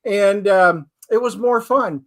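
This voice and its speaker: A man talking casually about movies as a guest, telling stories with lively quoted asides. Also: high-pitched, slow pace. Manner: animated storytelling, quotes himself and his wife.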